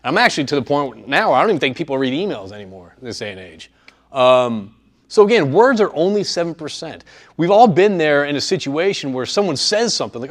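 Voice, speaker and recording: A man's voice: a little high, sing-song, a little fast. Man giving a talk. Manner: conversational, often checks in with the audience. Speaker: workshop speaker. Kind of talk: live presentation to students. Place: in front of an audience in a room.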